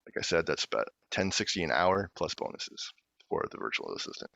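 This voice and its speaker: Low-voiced man presenting over a call. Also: very animated, brisk, vocal fry, pushed and bright, dry recording. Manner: plain businesslike explaining. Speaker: guest presenter. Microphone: video call. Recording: dull lo-fi call audio.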